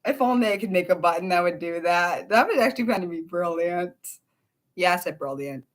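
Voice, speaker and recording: A young woman with a fairly low, brisk voice hosts an unscripted livestream, rambling along and cutting herself off mid-sentence to answer her chat out loud.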